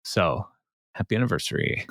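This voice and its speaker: A man's voice: deep voice, lively intonation, moderate pace, fairly bright tone, no room sound, clean studio sound. A man co-hosting a podcast, casually recapping a sitcom episode with lots of fillers and laughter. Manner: rambling with many fillers, laughs often. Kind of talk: casual chat.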